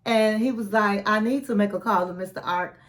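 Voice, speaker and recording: A woman's voice: mid-range voice, fairly quick. A woman retelling a reality show episode in a chatty recap, acting out what the people said and adding her own blunt asides. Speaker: recap vlogger.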